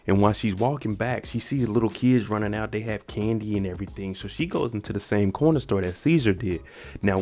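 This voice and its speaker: A young man recapping a drama episode in a casual, animated way, briefly acting out the characters' lines. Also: fairly low pitch. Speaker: show recap host.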